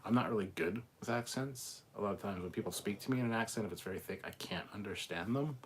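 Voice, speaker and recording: A man's voice: lowish voice, fast talker, a little hiss or hum. A man hosting a casual live stream, reading chat aloud and ranting bluntly with plenty of swearing.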